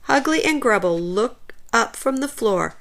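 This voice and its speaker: A woman reading a children's storybook aloud in an expressive, animated way. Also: a little high, measured pace, vocal fry.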